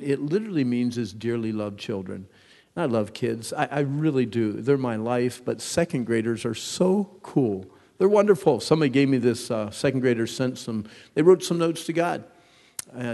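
Gravelly male pastor, 50s, dramatic sermon delivery in a long-echo hall. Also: mid-range voice, expressive, normal speed. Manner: dramatic preaching, swings from hushed to loud. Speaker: pastor and youth counselor.

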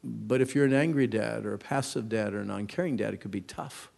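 A man in his fifties preaching a sermon as a pastor, swinging from hushed asides to loud emphatic lines. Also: lowish voice, brisk, gravelly, big-room sound. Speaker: pastor and youth counselor.

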